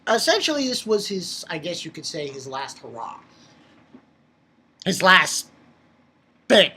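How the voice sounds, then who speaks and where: Reviewing a manga chapter in a loose, wandering way, this man speaks unhurriedly over slight background noise. Excitement drives his talk, and his voice jumps higher when he gets fired up.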